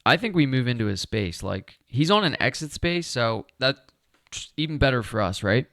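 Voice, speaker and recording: A man plays a board game live and talks himself through each turn, counting spaces and checking in with viewers. His voice is smooth and resonant, and it sits close and dry on the mic with no room sound. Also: medium pitch, sing-song, moderate pace, fairly bright tone, dry recording. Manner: thinking aloud, asking viewers, counting moves. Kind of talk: casual solo game playthrough.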